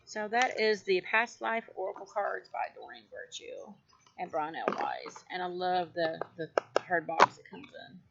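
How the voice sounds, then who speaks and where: A mid-pitched voice, neither high nor low, that gushes about oracle decks in a loose, rambling show-and-tell. The talk is full of "um"s, restarts and repeated words. The recording is a little dull and lo-fi. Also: animated, measured pace, vocal fry, background noise. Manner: gushing, rambling, many fillers and restarts. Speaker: oracle card collector showing decks. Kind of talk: casual show-and-tell vlog.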